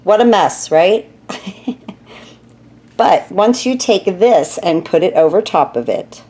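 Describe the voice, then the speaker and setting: A woman's voice: on the low side, mellow. A middle-aged woman chatting through a card-making tutorial, laughing at her own mess as she works. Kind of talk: casual craft tutorial.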